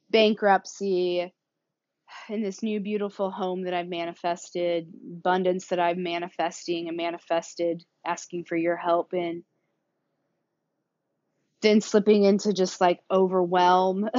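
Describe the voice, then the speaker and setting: A woman's voice: on the low side, darkish tone, dry recording, highs cut off. A woman with a Southern accent hosting her own podcast, talking in a casual, rambling way with frequent laughs and the odd curse word. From Kansas City area, USA. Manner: chatty and rambling, laughing often, cursing. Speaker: podcast host. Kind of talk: casual solo podcast talk.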